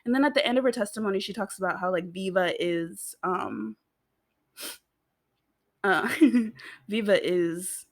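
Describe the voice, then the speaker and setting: A woman's voice: mid-range voice, a little slow, long pauses. Giggly American woman recapping a show. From United States. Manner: giggly, chatty, lots of fillers and asides. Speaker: video host. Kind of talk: casual TV recap chat.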